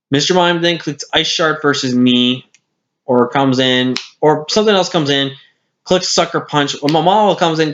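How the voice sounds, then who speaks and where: A man's voice: fairly high pitch, a bit bright. Tired man rambling over a replay. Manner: rambling, self-correcting. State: tired, hiccuping. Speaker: gaming commentator. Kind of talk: casual game commentary. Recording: lo-fi screen-capture mic.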